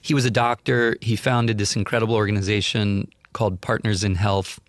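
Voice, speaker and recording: A man's voice: fairly low pitch, brisk, dry recording, studio quality. A man guest on a talk show, animatedly telling a vivid anecdote and acting out the people in it. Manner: animated, vivid storyteller who acts out other people. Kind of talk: storytelling anecdote on a podcast.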